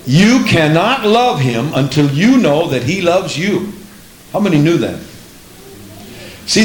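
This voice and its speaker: High-voiced preacher man, echoey church. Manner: emphatic, repeats lines, asks the congregation questions. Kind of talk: sermon.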